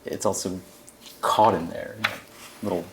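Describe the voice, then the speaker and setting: A man's voice: low voice, steady tone, normal speed, noisy background. A man in a seminar discussion, thinking aloud and restarting often as he works through a poem. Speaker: seminar participant.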